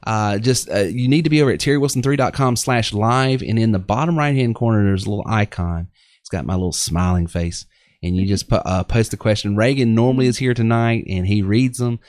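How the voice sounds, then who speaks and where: On a live-streamed business show, a man with a Southern drawl talks in a fairly low, slightly mellow voice at a fairly quick clip. His chat is loose and rambling, with plenty of fillers, restarts, and pitches. The sound is dry and studio-clean.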